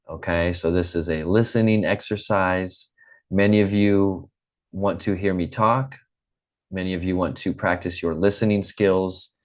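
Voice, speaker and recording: Deep-voiced American man teaching English. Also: a little mellow. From Midwest United States. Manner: slow, clear, repeats and checks with okay. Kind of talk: live online English class.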